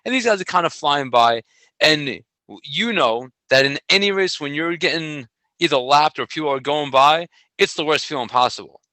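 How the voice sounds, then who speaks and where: A middle-aged man co-hosting a casual podcast, telling a story in an animated way and laughing often. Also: on the high side, moderate pace, dry recording, poor audio. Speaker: podcast co-host, track coach. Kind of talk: casual chat.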